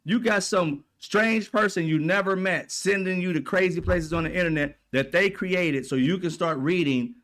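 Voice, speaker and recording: A man's voice: high-pitched, normal speed, few pauses, a bit bright. Blunt, profane man ranting. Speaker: political commentary host. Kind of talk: ranting political commentary.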